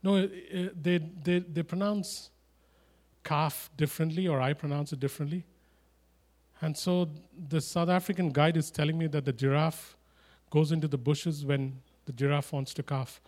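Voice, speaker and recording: A man preaching a sermon, animated and emphatic, with chatty asides and humorous stories. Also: a little high, moderate pace. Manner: animated, rising to loud emphatic declarations.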